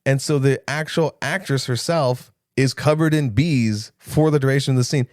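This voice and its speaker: Animated man recapping a movie. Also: mid-range voice, normal speed, dry recording, clean studio sound. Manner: animated, jokey recaps with quoted lines. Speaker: podcast co-host. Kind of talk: casual movie discussion.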